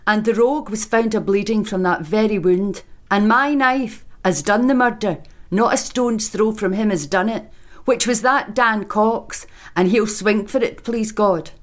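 A man reading an audiobook voices a fretful, self-pitying inn landlady in a shrill, rustic, old-fashioned way. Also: a little slow. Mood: indignant. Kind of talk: audiobook character voice.

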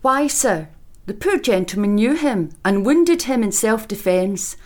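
A man reading an audiobook voices a fretful, self-pitying inn landlady in a shrill, rustic, old-fashioned way. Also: animated, a little slow. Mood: indignant. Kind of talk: audiobook character voice.

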